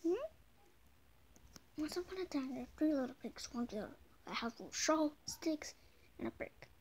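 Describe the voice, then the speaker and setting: A high-voiced woman tells a homemade story in a playful way. She voices every figure herself and barks for the dog. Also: animated, fairly quick. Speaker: video creator.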